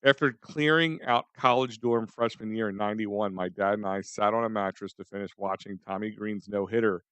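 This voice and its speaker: A man's voice: on the low side, steady tone, normal speed, a bit bright, clean tone, dry recording, highs cut off. A man, co-hosting a podcast and chatting about old memories. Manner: chatty, reminiscing. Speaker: podcast co-host. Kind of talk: casual chat.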